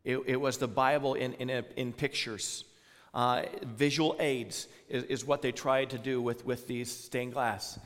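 A man's voice: mid-range voice, fairly even intonation, unhurried, fairly bright tone, long reverb tail. A man with a Southern US accent giving an informal sermon, talking conversationally with many fillers and putting questions to the congregation. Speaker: pastor.

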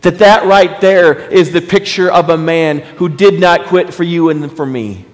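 In a church hall, a pastor with a fairly high voice preaches an impassioned sermon to his congregation, repeating rhetorical questions at an unhurried pace. Soft music plays in the background, and the hall is reverberant.

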